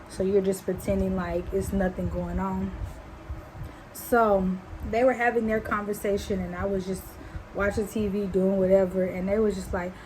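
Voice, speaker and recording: A young woman, telling a casual storytime and acting out what people said in high voices. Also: slight background noise, low-quality recording. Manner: animated, acts out quotes in high voices. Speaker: vlogger.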